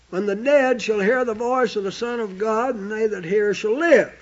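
A man preaching a sermon, quoting scripture with emphatic, drawn-out stress on single words. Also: sits high. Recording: dull lo-fi recording.

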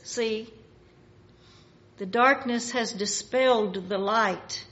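A woman preaching a sermon in a slow, measured way, rising in force for emphasis. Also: fairly high pitch, a bit bright, dull audio.

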